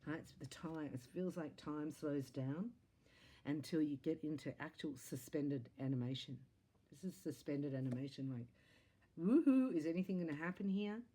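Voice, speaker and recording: Low, mellow woman reading tarot. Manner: animated, sing-song delivery with big swings in pitch and loudness; earnest, encouraging spiritual talk. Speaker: psychic tarot reader.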